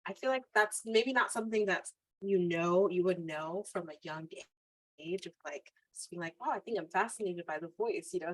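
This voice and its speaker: A woman hosting an interview over a video call, asking warm, encouraging questions. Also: on the low side, no echo, low-quality recording. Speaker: podcast host. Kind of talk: conversational interview.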